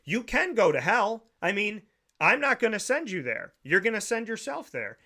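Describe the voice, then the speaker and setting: Emphatic male talk-show host, slightly high, bright and forceful delivery. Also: very animated, moderate pace. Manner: emphatic, preachy, repeats phrases. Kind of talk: opinionated podcast rant.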